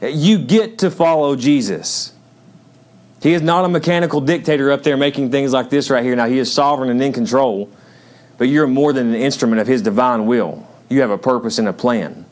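Male pastor, sermon, chatty and joking, emphatic scripture reading, mid-pitched voice. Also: fairly quick, a little mellow.

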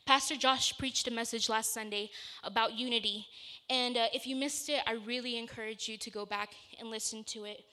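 Woman preacher, bright sharp voice, chatty earnest storytelling sermon. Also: on the high side, fairly even intonation, fairly quick.

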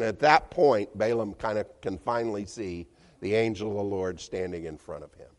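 A man's voice: fairly low pitch, moderate pace, darkish tone. A male pastor preaching a sermon in a chatty, storytelling way with chuckles, to a church congregation. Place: church hall. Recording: long church-hall reverb.

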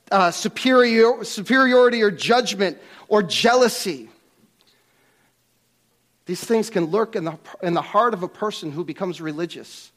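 A man preaching a sermon as pastor, emphatic and earnest, rising on key points and often restarting his words. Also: sits high.

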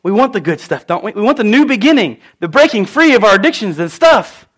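A man's voice: high voice, sing-song, fairly quick, fairly bright tone. A man preaching a sermon in church, earnest and conversational, weaving in personal stories. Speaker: pastor.

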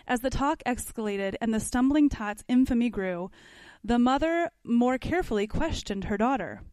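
Woman teacher, fairly high voice, reads aloud and asks the group questions, dry sound. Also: animated, moderate pace, darkish tone, dry recording. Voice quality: conversational, asks the class questions. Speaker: parenting class teacher. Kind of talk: reading aloud from a book and commenting.

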